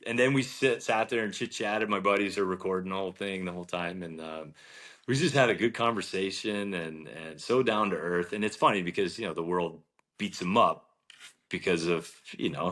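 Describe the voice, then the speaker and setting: A man from New Jersey, a golf professional, telling an animated anecdote in an interview and acting out the dialogue. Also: low voice, moderate pace. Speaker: golf professional, podcast guest. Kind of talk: storytelling interview.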